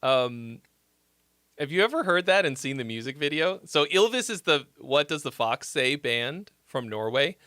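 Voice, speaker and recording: A man's voice: medium pitch, expressive, normal speed, sharp tone, dry recording, studio quality. A man from Massachusetts hosting a livestream, giving song feedback in a rambling, chatty way and laughing easily. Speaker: host reviewing listener songs. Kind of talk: casual livestream commentary.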